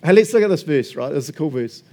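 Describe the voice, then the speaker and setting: A man's voice: on the high side, animated, quick pace, warm tone. A man, a pastor preaching in a casual, joking style. He keeps tagging his points with "right?" and "eh?", laughs often and acts out small conversations. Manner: chatty and jokey, tag questions like "right?" and "eh?"; laughs often, acts out little quoted exchanges. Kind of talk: casual sermon.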